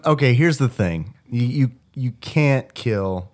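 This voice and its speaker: A man's voice: mid-range voice, animated, slow pace, a little mellow. Joking man hosting a podcast. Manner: jokey, reads listener texts, laughs often. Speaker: podcast host. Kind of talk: casual chat.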